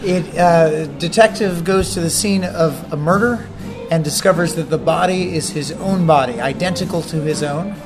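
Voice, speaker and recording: A man with a slightly high voice answers interview questions as a film director. He pauses to search for words and adds dry humor. Music sits in the background. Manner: thoughtful, wry, hesitant.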